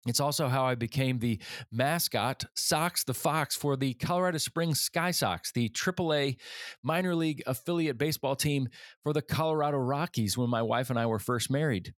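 Male podcast host, 40s, earnest storyteller, middle pitch, dry booth sound. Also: moderate pace, no room sound. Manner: earnest, animated when quoting others. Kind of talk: storytelling monologue.

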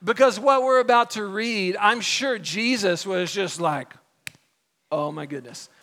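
A man's voice: high voice, measured pace, pushed and bright. A young adult man preaching a sermon in a conversational way, acting out the people in the story he tells. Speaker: pastor.

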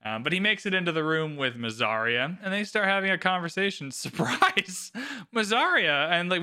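A man recapping a TV episode on a casual podcast, talking fast and loose with plenty of "like" and cursing. His voice is strikingly bright and a little high. He sounds relaxed and opinionated. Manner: animated, swearing, lots of filler "like". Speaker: podcast co-host.

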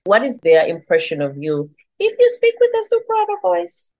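A woman's voice: fairly high pitch, huge pitch swings, moderate pace, warm tone, poor audio. Woman hosting a friendly podcast chat. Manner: friendly, laughs easily, asks open questions. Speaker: podcast host. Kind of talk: conversational interview.

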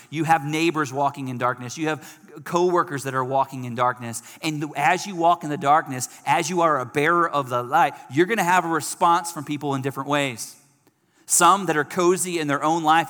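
A man preaching a sermon, animated and acting out quoted people in raised voices. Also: a little high. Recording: long hall reverb.

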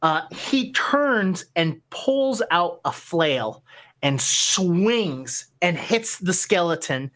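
A woman with a notably low, deep voice runs a tabletop game as its game master. She narrates loosely, wandering through her sentences with plenty of fillers along the way. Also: extremely slow. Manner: relaxed, meandering narration with fillers.

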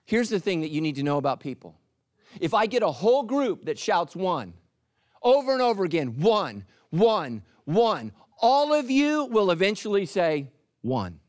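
A man preaching a sermon as the pastor, talking in a lively, punchy way with playful asides. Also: high voice, normal speed, no echo, studio quality.

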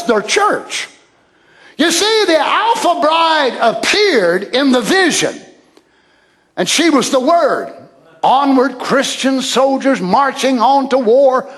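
A very high-pitched man preaches a fiery sermon. He shouts his points, cries out hallelujah and acts out the voices he quotes.

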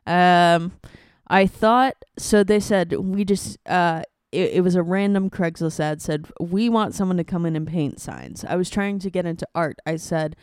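Low-voiced woman hosting a comedy podcast. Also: unhurried, hardly any pauses, a little mellow, clear, resonant tone, no room sound, clean studio sound. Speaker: host.

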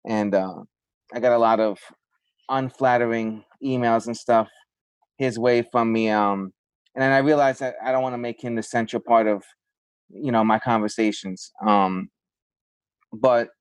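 A man's voice: mid-range voice, steady tone, unhurried, long pauses, smooth, no echo. A man from the South Bronx, speaking reflectively in a casual podcast chat with many fillers. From South Bronx, New York.

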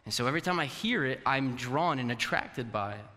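A male pastor, a native Portuguese speaker from a Portuguese-speaking country, preaches a conversational sermon and puts questions to his congregation. His medium-pitched voice is brisk and sharp-toned, with lively intonation. The church hall adds a long reverb.

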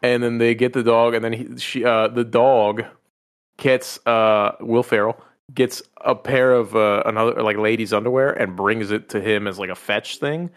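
A man co-hosting a casual podcast, retelling a movie scene by scene, swearing freely and jumping into high voices for the characters he quotes. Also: fairly even intonation, moderate pace, smooth. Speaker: podcast co-host. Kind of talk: casual chat, movie recap.

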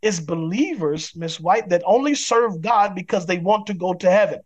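A man's voice: high voice, expressive, moderate pace. A man who is a pastor, a guest on a podcast interview, speaking in an emphatic, preacherly way. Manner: acts out quoted people in other voices.

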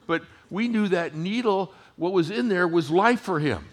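A man in his sixties, a pastor giving a sermon in a conversational storytelling way, his voice dropping to hushed tones and rising again. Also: high voice, sing-song, measured pace. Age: 60s.

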